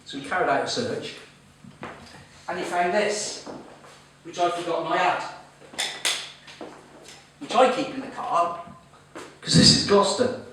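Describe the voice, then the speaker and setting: A man's voice: on the high side, unhurried, pauses often. A man compering a comedy night, telling a story and teasing the crowd with casual swearing. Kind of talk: stand-up storytelling to a live audience. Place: comedy club room. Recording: very echoey room, far-off mic, noisy.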